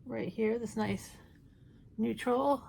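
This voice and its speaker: A woman's voice: a little high, slow, vocal fry, darkish tone, breathy edge. A woman chatting casually through a makeup tutorial, playful and self-mocking. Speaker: makeup YouTuber.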